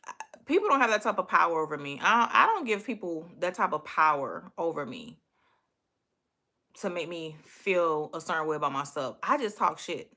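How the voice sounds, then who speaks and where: On her livestream, a young woman from Miami, Florida, casually rants to viewers in a Miami Southern US accent, cussing, trash-talking and speaking bluntly. Her voice is lowish, pushed and bright, with big pitch swings at a normal speed.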